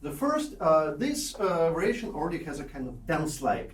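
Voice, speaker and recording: A man coaching a piano student in a masterclass, animated and repeating short instructions, slipping into German. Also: a little high, moderate pace. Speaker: piano teacher. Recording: roomy hall from a distance with piano.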